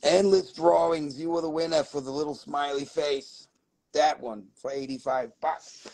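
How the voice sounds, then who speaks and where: Gravelly, profane live-stream rock seller. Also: male voice, on the high side, steady tone, normal speed, a little mellow, no room sound, low-quality recording. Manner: rambling and profane, swearing often. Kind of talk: casual live sales stream.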